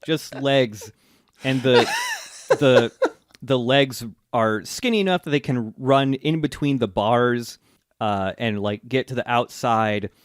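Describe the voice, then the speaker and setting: Man, podcast co-host, mid pitch, dry close mic, chuckling casual recap. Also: takes it slowly, no room sound. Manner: laughing, filler-heavy retelling. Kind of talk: casual chat recapping an anime.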